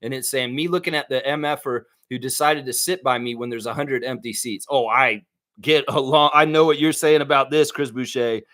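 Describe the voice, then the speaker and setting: A man's voice: mid-range voice, fairly even intonation, a little fast, a bit bright. A man hosting a live basketball fan stream, chatting casually as he reads viewer comments and laughs often. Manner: chatty, laughs often, sings snippets, many fillers. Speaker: sports livestream host.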